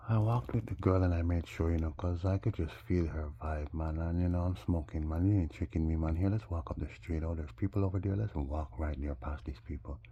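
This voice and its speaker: A man's voice: deep voice, fairly quick, hardly any pauses, husky, lo-fi sound. A man from Jamaica with a Jamaican accent, rambling through a casual story and calling his viewers "people". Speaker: vlogger.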